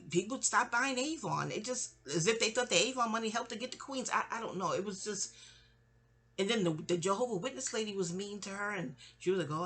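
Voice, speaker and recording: Husky-voiced woman rambling through family stories. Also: medium pitch, fairly bright tone. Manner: rambling, trails off and restarts, mimics people in quotes. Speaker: storyteller. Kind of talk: candid family storytelling.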